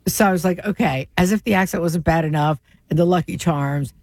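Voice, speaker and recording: A woman co-hosting a casual chat, telling stories in an animated, opinionated way. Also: fairly low pitch, fairly quick, dry recording. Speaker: co-host.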